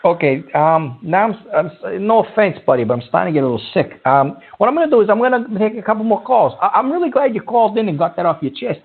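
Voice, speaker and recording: A man's voice: high voice, expressive, fast, few pauses, husky. A man hosting a comedic call-in radio show, blustery and exasperated. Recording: tinny phone-like sound.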